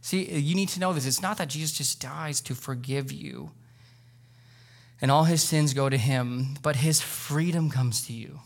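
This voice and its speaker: A man preaches to his congregation in a church sanctuary. His delivery is conversational and earnest, and it rises in places to loud, emotional peaks. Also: a little high, a little slow, gravelly. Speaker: pastor. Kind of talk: sermon.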